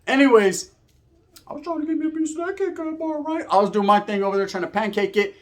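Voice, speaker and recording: A man's voice: very high-pitched, lively intonation, fast talker. A young man telling a personal story to camera in streetwise slang, full of profanity and "right?" tags. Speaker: YouTube storyteller.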